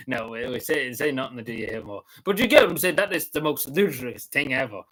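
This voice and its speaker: A man's voice: mid-range voice, fairly bright tone, poor audio. Rambling man on a livestream. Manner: rambling, halting, laughs often. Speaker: livestream host. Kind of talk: casual livestream commentary.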